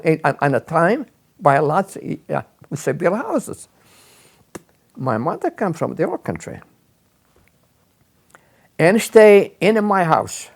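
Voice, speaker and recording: A man's voice: fairly high pitch, creaky. An older man, telling his life story in a rambling, repetitive way and acting out the people he quotes. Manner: rambling, repeats words, animated when quoting others. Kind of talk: casual storytelling.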